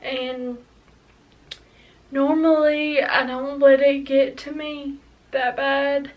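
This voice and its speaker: A woman's voice: high voice, level tone, extremely slow, far from the mic, highs cut off. A young woman in her early twenties talking hesitantly and emotionally in a personal confessional vlog. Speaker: vlogger.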